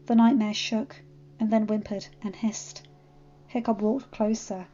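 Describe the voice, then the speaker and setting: A woman narrating a fan fiction story as a storybook reading, with expressive delivery. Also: mid-range voice, unhurried. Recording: slightly muffled, faint background music.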